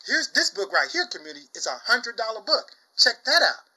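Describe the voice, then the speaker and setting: A young man chatting casually about his comic book finds, exuberant, saying "y'all" often and bursting into loud shouts and laughs. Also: extremely high pitch, sing-song, fairly quick, rough recording. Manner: exuberant, says "y'all" a lot. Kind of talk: casual chat.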